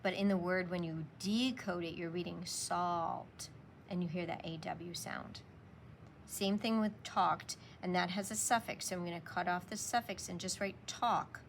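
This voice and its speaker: A woman teacher giving a slow, patient spelling lesson, sounding out words for young students. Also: fairly low pitch, fairly even intonation, vocal fry, slight background noise.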